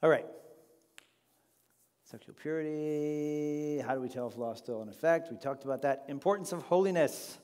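A man's voice: on the high side, moderate pace, pauses often, darkish tone, clear, resonant tone, long reverb tail. A man leading an informal Bible study class, talking conversationally and putting questions to the group.

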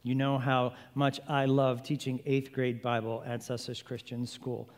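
Animated male preacher in a reverberant hall. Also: medium pitch, a little slow. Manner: animated, rhetorical questions, playful humor. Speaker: preacher and Bible teacher. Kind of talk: sermon.

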